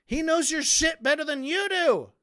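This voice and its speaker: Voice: sits high, animated, moderate pace, sharp tone. A streamer ranting through a debate recap, swearing often, sarcastic, heated and sometimes tripping over repeated words. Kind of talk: casual ranting commentary.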